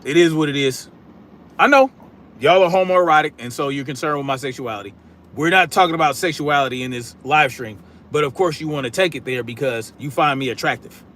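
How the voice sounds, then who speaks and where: A man's voice: a little high, quick pace, fairly bright tone, slight background noise. Blunt, combative man on a live stream. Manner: blunt, combative, projects his voice; casual slang, repeats catchphrases. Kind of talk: political commentary live stream, reading chat.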